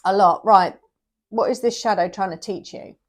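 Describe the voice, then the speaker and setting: Reading tarot for the camera, a woman with a medium-pitched, steady voice speaks at a moderate pace. She's emotional and near tears, addressing the viewer directly and often sinking to a whisper.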